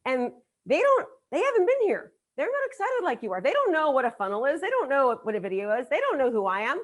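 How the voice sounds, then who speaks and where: At a live event, a middle-aged business coach delivers a motivational seminar, speaking emphatically and repeating key lines for effect. Her voice is high, very animated, and quick.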